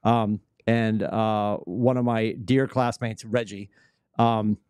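A man with a New England accent hosting a casual sports podcast, animated and teasing, laughing often. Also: fairly low pitch, takes it slowly, smooth, no room sound. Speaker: podcast host.

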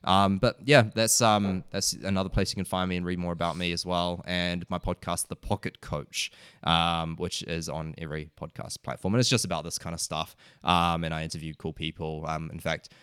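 A man's voice: low-pitched, flat delivery, normal speed, a bit bright, smooth, dry recording. A man with a New Zealand accent, a podcast guest who talks in an earnest, rambling way with many fillers. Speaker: podcast guest, wellness coach. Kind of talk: casual podcast conversation.

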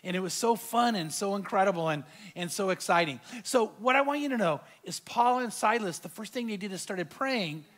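Animated, high-voiced male pastor preaching. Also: fairly quick, few pauses. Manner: storytelling, animated, acts out quoted dialogue. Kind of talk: sermon.

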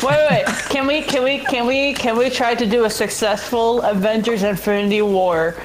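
A woman playing a tabletop game, eager and stammering when excited, in casual chat. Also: a little high, normal speed, poor audio. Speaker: player.

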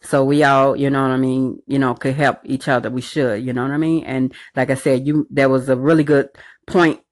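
A woman's voice: rumbling low, steady tone, fairly quick, dry recording. A woman leaving voice messages for a podcast host, emotional and effusive, laughing and rambling as she talks. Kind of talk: recorded voice message.

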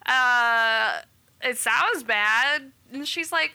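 A physician in her thirties, appearing as a podcast guest, chats casually and acts out quotes while telling a story. Her voice is fairly high and sharp, at a moderate pace.

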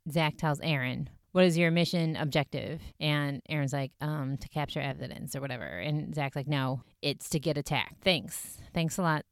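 Low-voiced woman with a gravelly edge. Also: no room sound, studio quality. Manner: chatty, filler-heavy retelling with frequent "like". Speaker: podcast host recapping a TV show. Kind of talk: casual chat.

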